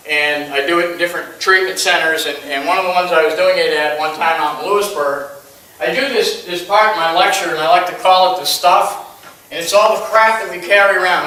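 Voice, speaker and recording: Older guy telling a rambly funny story, kinda high voice, echoey hall, mic far off. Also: pushed and bright. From Boston, USA. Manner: rambling, joking, chuckling storyteller. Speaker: musician and recovery lecturer. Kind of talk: live storytelling to an audience. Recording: echoey hall, distant mic, music behind.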